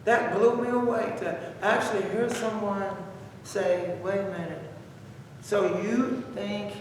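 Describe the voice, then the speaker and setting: A man with a high voice leads a church Bible study, repeating his points and urging the group to stop and think. He is recorded from a distance in a very echoey room with a long hall reverb. Faint room ambience sits underneath. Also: steady tone, unhurried, a little hiss or hum. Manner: conversational, repetitive, exhorting.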